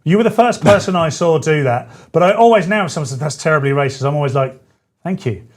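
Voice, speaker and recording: A man, hosting a live-stream show in a chatty, joking way with quick asides. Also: fairly high pitch, expressive. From England. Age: 40s. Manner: chatty, jokey, self-correcting asides. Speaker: show host. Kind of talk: casual live-stream chat.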